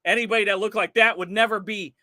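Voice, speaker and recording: A man's voice: high-pitched, fairly even intonation, fast, sharp tone, no echo, clean studio sound. A man hosting a livestream, reacting to a clip in exclaiming, incredulous commentary with frequent laughter. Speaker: livestream host.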